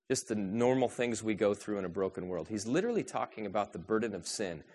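A pastor preaches a sermon full of rhetorical questions, shifting between a soft, low delivery and a raised, urgent one.

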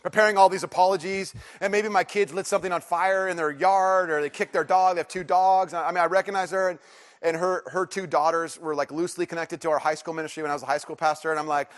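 A middle-aged male pastor delivers a sermon to a church congregation. He tells personal stories with lots of restarts and swings from quiet, low reflection up to loud, pleading questions. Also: fast. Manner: animated storytelling, restarts and rising emphatic questions. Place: church service.

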